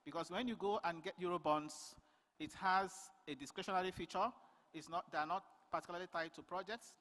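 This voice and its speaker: A man from Nigeria presenting a conference paper, speaking in a measured way with many fillers and restarts. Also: high voice, a bit bright. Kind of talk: formal conference talk. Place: large conference hall. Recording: long hall reverb.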